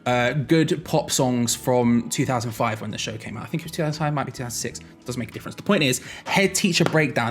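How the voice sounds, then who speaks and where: A young man giving a jokey, rambling explainer vlog, often correcting himself mid-sentence. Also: fairly high pitch. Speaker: YouTuber.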